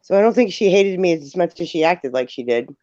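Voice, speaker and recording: A woman in casual livestream chat, telling stories with animation and frequent laughs. Her voice sounds dark and mellow, and the lo-fi stream audio is dull and dry. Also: fairly low pitch, animated, fairly quick, no echo. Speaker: livestream guest.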